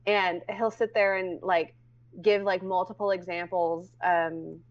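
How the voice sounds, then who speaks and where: A woman's voice: on the low side, steady tone, unhurried. A woman co-hosting a casual chat, rambling with many fillers. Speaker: podcast co-host. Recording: muffled lo-fi audio.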